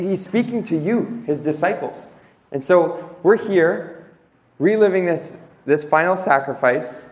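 Earnest young man giving a religious talk. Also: fairly high pitch. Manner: earnest, reads scripture slowly and reflectively. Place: room with an audience. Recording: echoey room.

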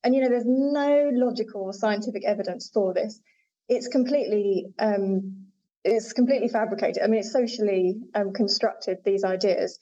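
A woman who researches linguistics answers interview questions thoughtfully, using many fillers and hedges. Her voice is warm and mid-range. The recording is dull and lo-fi, with faint noise.

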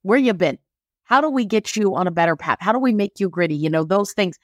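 A woman who leads a mortgage branch, speaking emphatically in a podcast discussion and firing off rapid questions. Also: medium pitch, expressive, no room sound.

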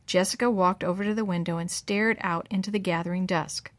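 A woman reading a children's story aloud in a measured, expressive way. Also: lowish voice, no echo.

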